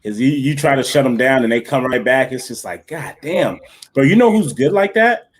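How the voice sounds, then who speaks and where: A man's voice: medium pitch, expressive, normal speed. Slangy young man, laid-back banter. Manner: slangy, laughing, says bro a lot. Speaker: podcast co-host. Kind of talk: casual podcast chat.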